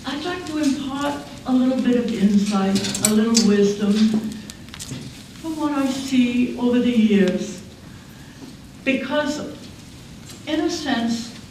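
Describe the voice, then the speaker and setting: A woman in her eighties giving a reflective keynote speech in a measured, aphoristic way, in a large conference hall. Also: high-pitched. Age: 80s. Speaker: keynote speaker. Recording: echoey hall, distant mic, faint noise.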